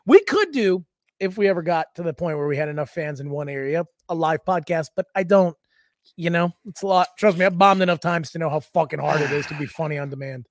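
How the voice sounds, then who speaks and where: Animated man, fairly high voice. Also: fairly quick, dry recording, studio quality. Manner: animated, swearing, lots of fillers and voiced bits. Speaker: podcast co-host. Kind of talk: casual chat.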